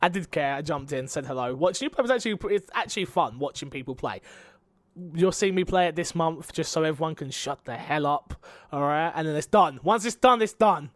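A man with a British accent, co-hosting a casual podcast chat and telling a story in an animated, ranting way. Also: fairly high pitch, a little fast, dry recording, studio quality. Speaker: podcast co-host.

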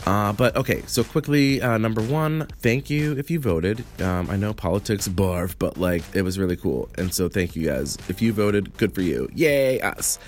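Podcast host guy, really low raspy allergy voice, rambly and jokey about himself. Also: a little mellow. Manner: rambling, self-mocking, quick asides. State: hoarse from allergies, coughing. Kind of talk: casual podcast announcements.

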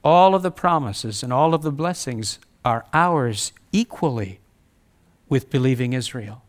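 A man's voice: medium pitch, animated, measured pace. A man preaching a sermon, reading scripture aloud and speaking earnestly with repetition for emphasis. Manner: reads scripture aloud, conversational asides.

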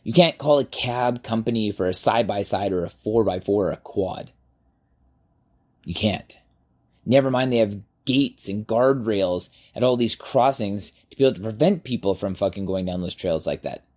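A man in his forties, a podcast host, telling a personal story in a casual, animated way and swearing freely. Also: fairly low pitch, normal speed. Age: 40s.

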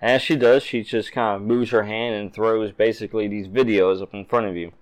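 A man narrating a tabletop game as game master, relaxed and quick to laugh. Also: fairly low pitch, low-quality recording.

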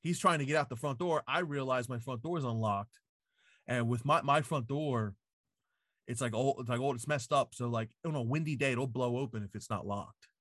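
A man talks loosely and profanely, packing his sentences with "like" as he tells a story. His voice sits at an ordinary middle pitch. The sound is dry and close, with no room echo. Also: moderate pace, fairly bright tone. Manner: profane storytelling full of "like" fillers. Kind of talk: casual chat. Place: home basement.

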